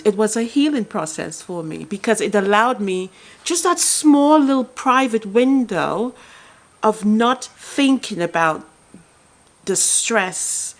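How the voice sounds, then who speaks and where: A middle-aged woman sharing a personal story in a vlog, speaking softly and haltingly, with many restarts. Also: mid-range voice. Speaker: quilting vlogger. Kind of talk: personal vlog talk to camera.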